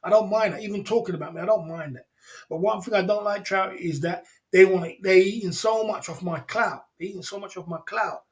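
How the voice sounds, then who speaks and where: Guy rambling on his livestream, kinda high voice, keeps repeating stuff and chuckling at chat. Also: brisk. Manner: rambling, repeats himself, chuckles, addresses chat viewers by name. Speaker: livestream host.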